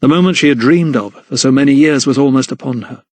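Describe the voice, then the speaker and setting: Reading from a script, a man narrates an audiobook with steady, measured delivery. His pitch is medium, and there's no echo on the recording.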